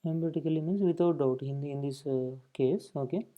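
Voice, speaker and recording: A man's voice: fairly high pitch, brisk, dark tone. A man teaching a grammar lesson, explaining points and often saying "okay" between them. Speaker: English teacher.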